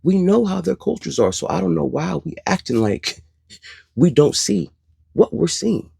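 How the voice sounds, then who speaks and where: A man's voice: fairly high pitch, very animated, normal speed, vocal fry, warm tone, husky, no room sound, clean studio sound. A man hosting an opinion commentary, speaking in a sarcastic, emphatic, preachy way. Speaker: commentary channel host.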